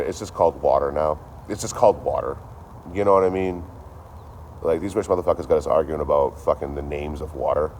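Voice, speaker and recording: A very deep-voiced man rants through a story, swearing freely and repeating his lines for emphasis. His delivery jumps between loud outbursts and low muttering. A faint hum of background noise sits under the voice. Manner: profane, animated storytelling with repetition. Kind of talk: casual ranting monologue.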